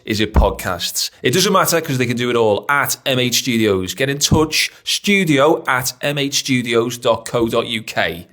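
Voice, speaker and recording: A man's voice: medium pitch, fairly bright tone. A man reading an upbeat sponsor advertisement. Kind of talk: read sponsor ad.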